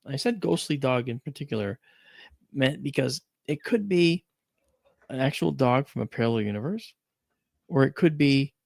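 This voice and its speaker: A man's voice: on the high side, creaky, no echo, studio quality. A man hosting a talk show, chatting casually and telling rambling, emphatic stories. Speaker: radio show host. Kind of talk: casual storytelling chat.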